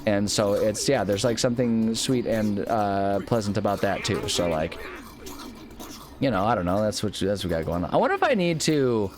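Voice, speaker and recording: Low-voiced man rambling over gameplay. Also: lively intonation, moderate pace. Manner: rambling, thinks aloud with many restarts. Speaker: let's play host. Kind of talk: casual gameplay commentary.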